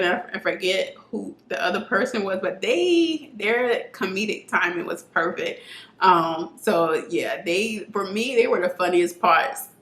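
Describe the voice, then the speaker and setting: A woman's voice: mid-range voice, fairly bright tone. A woman chatting casually on camera as she reviews a film, earnest and full of fillers, recorded on her camera at home. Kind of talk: casual movie review chat. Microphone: camera mic. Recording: roomy echoey room sound.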